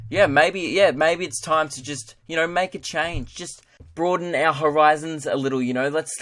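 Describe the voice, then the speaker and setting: A man's voice: mid-range voice, fairly bright tone. A young Australian man hosting a podcast, rambling through a casual comedic monologue and laughing at his own jokes. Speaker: podcast host.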